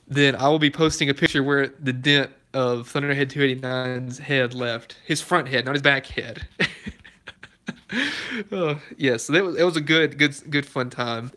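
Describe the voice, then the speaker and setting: A man's voice: medium pitch, pushed and bright. A young man hosting his own car channel, chatting casually with viewers, easygoing and laughing often. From Alabama, US. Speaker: YouTube car channel host. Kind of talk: casual chat answering live viewer comments.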